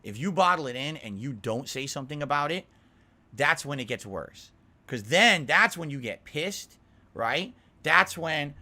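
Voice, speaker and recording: Streaming live, a man delivers an earnest, defensive lecture to his chat, repeatedly checking in with "all right?" as he rants. His voice is on the high side and sing-song, with a sharp tone and a measured pace.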